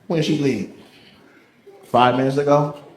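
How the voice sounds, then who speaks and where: A man's voice: medium pitch, steady tone, measured pace. A male stand-up comedian doing crowd work on stage, brash, profane and teasing. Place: large comedy venue on stage.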